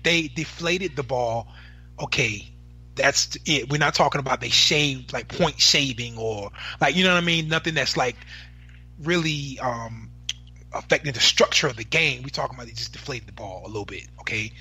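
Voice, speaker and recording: A man in a heated sports debate who talks in a halting way, with frequent restarts and stammers. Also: medium pitch, sharp tone, husky.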